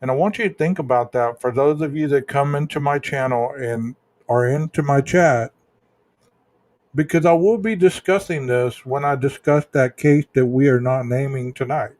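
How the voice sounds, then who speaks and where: A man hosting a true crime livestream, chatting casually with viewers in a slow, rambling way full of ums and restarts. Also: mid-range voice, a little mellow, no echo. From Texas. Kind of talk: casual livestream chat reading viewer comments.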